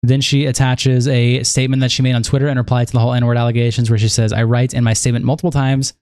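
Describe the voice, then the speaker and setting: Young man streaming, mellow and dry. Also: mid-range voice, dry recording. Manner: casual, halting, reads flatly and breaks off to react. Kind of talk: livestream commentary, reading messages aloud.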